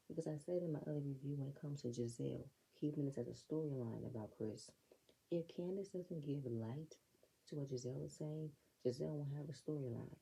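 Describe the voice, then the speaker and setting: A woman's voice: low-pitched, normal speed, gravelly, dark tone, slightly rough, poor audio. A woman giving a casual, blunt, opinionated recap of a reality show episode, with sassy asides. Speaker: reality TV reviewer.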